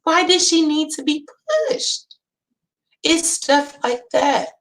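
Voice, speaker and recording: A vlogger in her thirties with a Northern California accent rants casually at her viewers, loud, animated and full of profanity. Her voice is high-pitched and her delivery slow.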